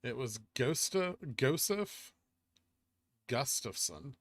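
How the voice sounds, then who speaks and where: A man hosts a relaxed livestream, reading out and answering viewer questions in an offhand, easygoing way. His voice is bright and forward, recorded dry and close with no room around it. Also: mid-range voice, normal speed, dry recording. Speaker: livestream host reading chat. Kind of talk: casual livestream chat.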